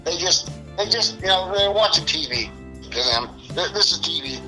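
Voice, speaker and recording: A man's voice: on the high side, animated, normal speed, pushed and bright, faint music behind, rough recording. A middle-aged man being interviewed, talking in a rambling, profane, frustrated way. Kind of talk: casual interview.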